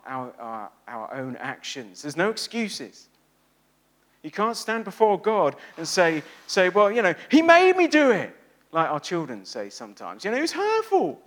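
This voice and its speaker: A man with a fairly high voice preaches a sermon, animated and posing rhetorical questions to his listeners.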